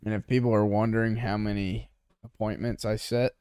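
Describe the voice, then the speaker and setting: A man's voice: on the low side, a little fast, smooth, no room sound, studio quality. A man co-hosting a podcast in a tea shop, telling profane stories in casual chat and acting out the people in them. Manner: profane, animated storytelling with acted quotes. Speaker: podcast co-host.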